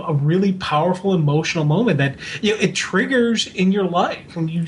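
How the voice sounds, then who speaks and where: Sex: man. Pitch: somewhat high. Role: podcast co-host. Style: casual fan discussion. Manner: heartfelt and rambling, full of asides. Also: slight background noise.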